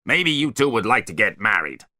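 A man's voice: deep voice, animated, fairly quick, pushed and bright, no echo, studio quality, pitched above the performer's own voice. A man voicing an impatient male fairy commander who barks his lines. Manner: barking.

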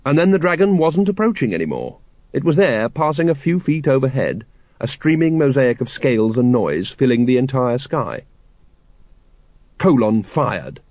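A man's voice: mid-range voice, very animated, moderate pace, no echo. A man narrating a comic fantasy audiobook in a dry, wry storytelling manner. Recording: slightly muffled dry recording.

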